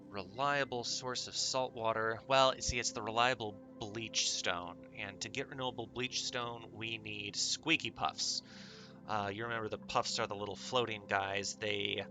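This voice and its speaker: A man hosting his own gaming channel, chattily explaining game mechanics in casual commentary and talking straight to his viewers. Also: medium pitch.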